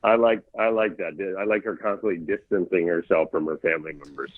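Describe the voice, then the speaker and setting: A man's voice: sits low, steady tone, brisk, no room sound, phone-quality sound. A tired man, a guest comedian on a podcast, joking around and swearing, and breaking into mocking bits. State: tired, sleep-deprived. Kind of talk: casual podcast banter. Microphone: remote call.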